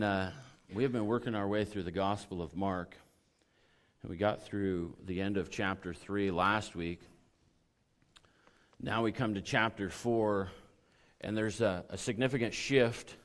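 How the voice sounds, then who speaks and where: A middle-aged man preaching a sermon with a hoarse, raspy voice, in a folksy, conversational way full of fillers. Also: low voice. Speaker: pastor.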